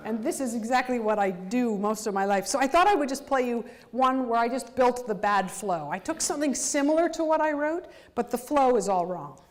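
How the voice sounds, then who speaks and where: Woman, higher register, composer-lecturer; animated, exacting, vocalizes rhythms as syllables. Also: fairly quick, hardly any pauses. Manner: sings rhythms out in syllables to illustrate music; animated, detail-focused explanation. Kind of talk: university lecture.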